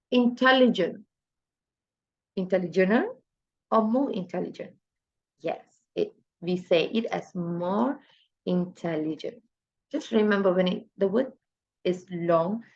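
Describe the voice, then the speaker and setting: A woman's voice: fairly low pitch, vocal fry, lo-fi sound. A woman teaching a grammar lesson, asking her class questions and then answering them herself. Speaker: English teacher.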